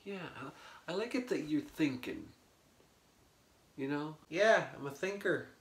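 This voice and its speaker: A man's voice: a little high, lively intonation, a little slow, reverberant. A man playing every member of a one-man band in a comedy sketch, bickering with himself. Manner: switching between bandmate characters, bickering.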